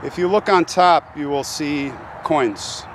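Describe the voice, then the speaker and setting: A man's voice: on the high side, takes it slowly, slight background noise. A man hosting an on-location vlog at a military cemetery, speaking earnestly and reverently straight to his viewers. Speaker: channel host visiting a grave.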